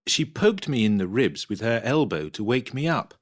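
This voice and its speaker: A man reading example sentences for a vocabulary textbook, clearly and expressively. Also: medium pitch, very animated, normal speed. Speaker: textbook audio reader.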